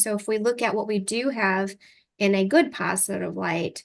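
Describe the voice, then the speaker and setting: A woman's voice: medium pitch, fairly even intonation, quick pace, vocal fry. Encouraging woman coach guiding breathing. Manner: encouraging, repeats affirmations with breath cues. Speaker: energy clearing coach. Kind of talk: guided breathing and coaching session.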